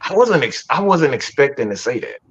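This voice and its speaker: On dull, lo-fi stream audio, a sports podcast host rants through a live post-game show, cursing hard and restarting his words with stammers. His medium-pitched voice moves briskly, with big pitch swings and a breathy edge. The mood is exasperated and foul-mouthed.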